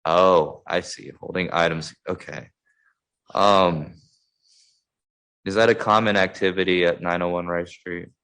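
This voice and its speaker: A man cross-examining a witness in a court hearing, measured and polite, with hesitant fillers. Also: low-pitched, fairly even intonation, fairly bright tone, clean tone, low-quality recording. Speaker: defense attorney.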